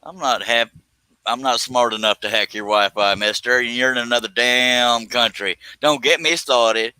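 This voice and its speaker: Male stream host, bright, joking, reads chat aloud, close dry mic. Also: medium pitch, steady tone, normal speed, clear, resonant tone, no echo, poor audio. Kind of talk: casual live stream chat.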